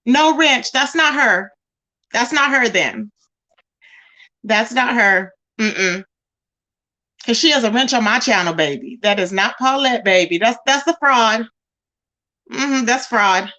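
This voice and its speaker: A woman's voice: fairly high pitch, lively intonation, slow, long pauses, sharp tone. A woman hosting a casual livestream, chatting straight to her viewers and calling them "y'all" and "child". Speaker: livestream host.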